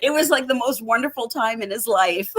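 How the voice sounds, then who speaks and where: A woman's voice: a little high, fairly quick, a crowd in the background. A middle-aged woman from Canada, a home grower chatting as a guest, giggling often and telling stories. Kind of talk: casual chat.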